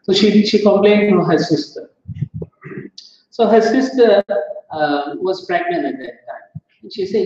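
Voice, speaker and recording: A man's voice: sits high, unhurried, darkish tone. A man telling a scripture story in a sermon, chatty and laughing at his own asides. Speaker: temple speaker. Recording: echoey temple hall, distant dull mic.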